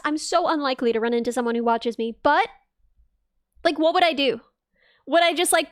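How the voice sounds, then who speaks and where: A young woman streamer chats and rambles in a very high, bright voice, laughing at herself. She sits close to the mic, and the sound is dry. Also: dry recording. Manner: giggly, rambling, self-mocking. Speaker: VTuber streamer. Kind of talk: casual live-stream chat.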